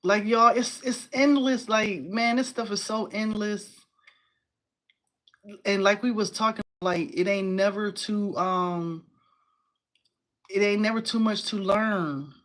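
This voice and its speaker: A woman's voice: medium pitch, slow pace, pauses often. Chatty woman hosting a craft livestream. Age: 40s. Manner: chatty and animated, addresses viewers as y'all, laughs often. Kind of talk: casual livestream chat, showing crafts and reading comments.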